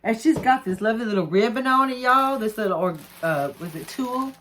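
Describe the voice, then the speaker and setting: A jewellery vlogger at home, with a pet nearby, unboxes a parcel in an excited vlog, gushing, exclaiming, laughing often, and calling her viewers y'all. Her voice is on the high side, fairly bright in tone, and fairly quick, with a little hiss or hum in the audio.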